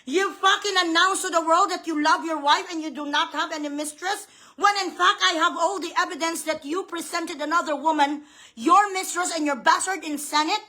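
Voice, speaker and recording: A woman's voice: very high voice, normal speed, sharp tone. A woman with a Filipino accent, delivering a furious, profane, accusing political rant. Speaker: vlogger.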